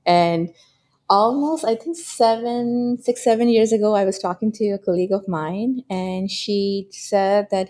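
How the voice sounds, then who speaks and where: A woman's voice: medium pitch, measured pace, mellow. A middle-aged woman from Pakistan with a Pakistani accent, a guest in an interview telling her story earnestly and laughing often. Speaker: guest, security executive. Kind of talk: reflective interview talk.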